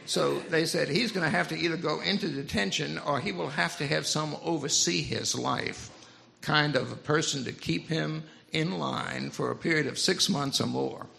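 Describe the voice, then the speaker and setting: A man's voice: fairly high pitch, moderate pace, creaky. An older man preaching a folksy sermon in a church, telling stories with humor. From Louisiana Cajun. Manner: folksy, animated storytelling with humor. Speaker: pastor. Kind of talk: storytelling sermon. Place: church sanctuary.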